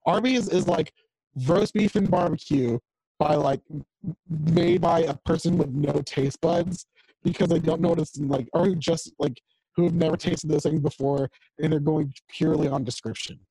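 This man's voice is on the high side, steady, and at normal speed, with a creaky, dark, husky tone. He co-hosts a podcast, chatting loosely about food and guitar gear over a home mic on a video call, and the audio is dry and rough.

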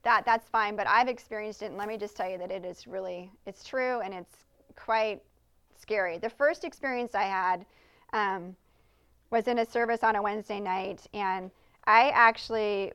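A woman with a mid-range, fairly bright voice preaches a conversational sermon during a church service. She's earnest and chatty, often putting questions to the congregation.

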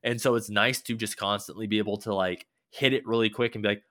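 A man's voice: on the low side, fairly even intonation, a little fast, fairly bright tone, dry recording, studio quality. A man casually rambling about a video game, loose and swearing now and then, with many fillers.

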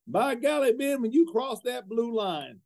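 A man's voice: big pitch swings, a little slow, vocal fry, heavily acted. A man putting on a South Carolina accent to play a stern older male football coach who barks orders at his players. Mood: commanding. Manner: loud, high-pitched drawl.

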